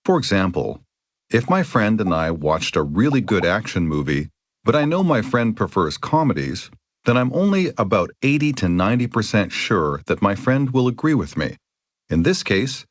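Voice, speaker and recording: Low, lively man reading a lesson. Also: moderate pace, no echo. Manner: clear, even instructional delivery with acted example lines. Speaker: lesson audio narrator. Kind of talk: scripted grammar lesson reading.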